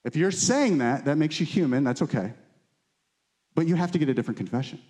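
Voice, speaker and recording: A man preaching a sermon, animated and shifting between excited exclamations and low earnest asides, and putting questions straight to his listeners. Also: a little fast. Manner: asks the listeners direct questions. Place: church meeting room.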